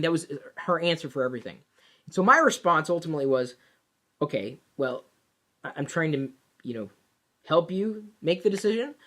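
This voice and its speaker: Bright, chatty woman telling a story. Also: deep voice. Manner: animated, chatty, many fillers and restarts. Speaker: vlogger. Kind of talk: casual personal storytelling.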